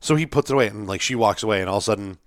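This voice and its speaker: A young man in casual podcast chat, telling an animated story, acting out quotes and swearing freely. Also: on the low side, very fast, no echo, clean studio sound.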